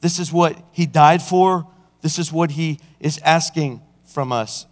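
A man's voice: on the high side, a little slow. A man preaching a sermon as senior pastor, fervent and building in force, recorded in a church sanctuary. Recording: church hall reverb.

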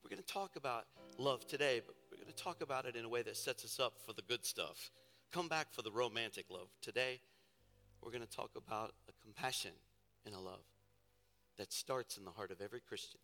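A man preaching a sermon, his tone bright and forceful as he jokes and calls out to the congregation. The sound carries a long church-hall reverb. Soft music lingers faintly behind. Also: lowish voice, fast. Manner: storytelling, playful and animated, calls out to the congregation. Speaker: pastor.

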